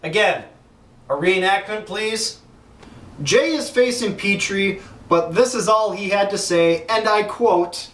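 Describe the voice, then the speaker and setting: A man hosting a mock press conference, reading league news in a crude, deadpan announcer style. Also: high-pitched, a little slow, distant mic. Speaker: league commissioner host. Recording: echoey room, voice off-mic.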